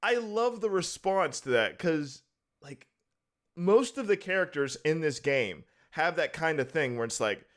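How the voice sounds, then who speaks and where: Man, co-host, casual game chat, lively swinging pitch, slightly high, laughs a lot, acts out characters. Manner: animated, laughs often, acts out characters in quick voices. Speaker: podcast co-host.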